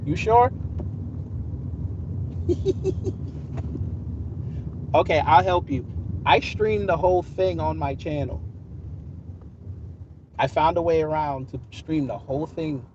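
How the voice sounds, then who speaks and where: A man's voice: fairly high pitch, a little slow, pauses often. A man live-streaming from his car, answering his chat in a combative, sarcastic, mocking way. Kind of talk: live-stream commentary while driving. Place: inside a moving car. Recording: lo-fi phone audio with road noise.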